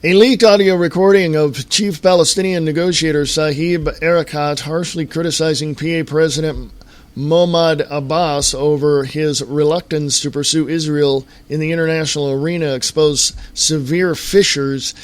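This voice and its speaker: A man hosting his own podcast, ranting about the news in an exasperated, drawn-out way and sighing now and then. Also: on the high side. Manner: exasperated ranting, drawn-out deliberate delivery with sighs. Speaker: podcast host. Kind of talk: opinionated solo podcast commentary.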